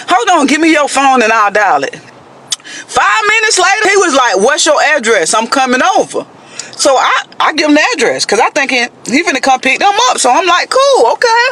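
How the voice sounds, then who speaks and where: A man casually telling a dating story to camera in an animated way, often calling out to his listeners. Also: very high-pitched. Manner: animated, addresses listeners as "y'all".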